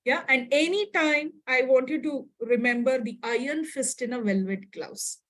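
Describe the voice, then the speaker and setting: Recorded in low quality, this high-pitched woman speaks at a moderate pace while teaching an online psychology workshop. Expressive throughout, she performs short sample conversations and regularly checks in with the people listening.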